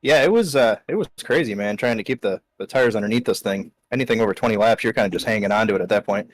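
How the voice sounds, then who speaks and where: A man interviewed after a race as a driver, talking in a relaxed, laid-back way. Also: lowish voice, fast, no room sound, rough recording.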